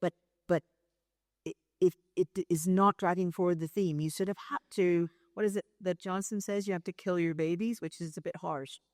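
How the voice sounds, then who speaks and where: A woman's voice: lowish voice, steady tone, normal speed, a little mellow, dry recording, studio quality. A woman, a theatre director and guest, explaining ideas in a thoughtful, sometimes hesitant way during an on-stage conversation.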